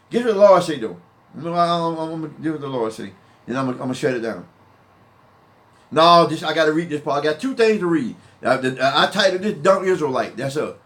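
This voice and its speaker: Man, fairly high voice, informal Bible teaching, heated, emphatic, repeats and restarts words. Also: fairly bright tone.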